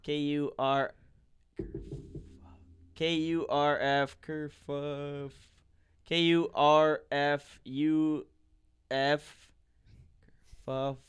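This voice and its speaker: A man talks slowly in casual podcast banter, stopping often as he sounds out letters. His voice is very clear and crisp. The sound is dry and close, with no room echo. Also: on the high side, level tone. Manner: slow, halting spelling out loud, sweary.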